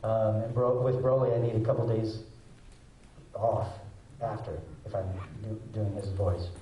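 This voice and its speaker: A man's voice: lowish voice, unhurried, a little hiss or hum. Man telling stories at a convention panel. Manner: animated storyteller, acts out quotes and goblin noises. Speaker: voice actor panel guest. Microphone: handheld mic, recorded from the audience. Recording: echoey hall from far off.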